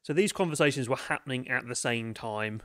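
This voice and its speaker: A man running a tabletop game, narrating in a relaxed, halting way with many fillers. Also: mid-range voice, no room sound, clean studio sound. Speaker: game master.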